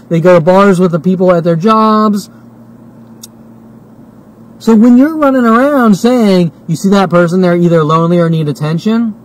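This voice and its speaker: A vlogger in his forties rants to camera in a heated, repetitive monologue, swearing often and hiccuping and burping as he goes. His voice sits high, and the recording quality is low.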